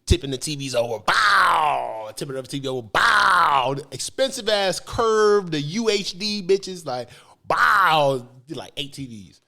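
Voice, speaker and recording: A man co-hosting a podcast in casual chat, animated and profane, swinging between loud outbursts and low mumbles. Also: fairly quick. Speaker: podcast co-host.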